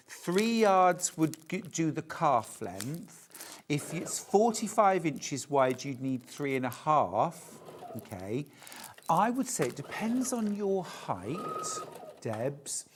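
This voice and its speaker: A woman presenting a live shopping show, reading viewer messages and answering fabric questions. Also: sits low. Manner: reads viewer messages aloud, warm asides.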